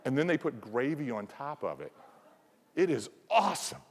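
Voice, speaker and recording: A man's voice: mid-range voice, sing-song, normal speed. A man from the American South giving a playful conference presentation, teasing the audience. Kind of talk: keynote talk. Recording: reverberant conference hall.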